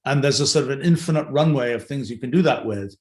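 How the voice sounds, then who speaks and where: A man's voice: medium pitch, quick pace. An older man hosting an unscripted livestream Q&A, thinking aloud with many fillers and restarts. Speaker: host answering audience questions. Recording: roomy echo.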